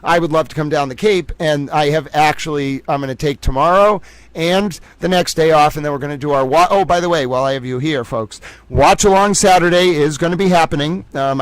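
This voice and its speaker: A man hosts a livestream, reading viewer comments aloud and riffing playfully, rambling and tossing jokey asides to chat. His voice is on the high side, and the recording is rough, with no room sound.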